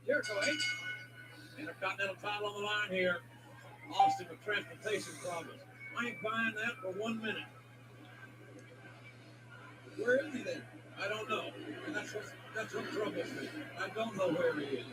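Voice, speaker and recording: A man with a folksy drawl calling a wrestling match as play-by-play commentator, excitable. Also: high-pitched, normal speed, long pauses, heavy background noise. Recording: distant mic under loud arena music.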